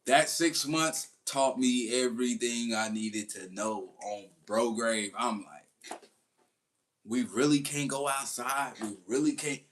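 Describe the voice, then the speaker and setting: A man's voice: mid-range voice, takes it slowly. A man talking casually and animatedly, telling stories in a commentary monologue. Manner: slangy, animated storytelling with laughs. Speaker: commentary host.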